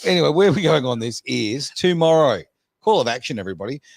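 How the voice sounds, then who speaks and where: Aussie guy hosting, lively up-and-down voice, jokey, dry close sound. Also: mid-range voice, fast, vocal fry, no echo. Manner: joking, animated, teasing. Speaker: show host. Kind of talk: casual banter.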